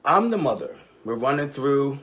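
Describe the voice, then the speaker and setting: A man's voice: medium pitch, very animated, moderate pace, fairly bright tone, breathy edge. A man who is a ballroom house mother, telling an emotional, candid and profane story on a live stream with sassy, dramatic delivery.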